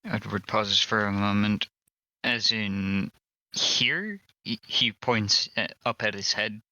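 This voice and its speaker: Very bright, smooth-voiced male player. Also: on the low side, level tone, a little slow, no room sound, dull audio. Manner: narrates his character's actions in third person. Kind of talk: describing his character in a role-play game.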